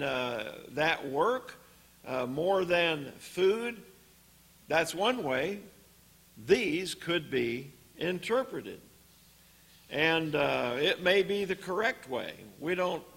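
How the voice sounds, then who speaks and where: Slow, lively-pitched male preacher. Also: slightly rough. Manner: deliberate scripture teaching with frequent pauses and fillers. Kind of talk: sermon. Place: church.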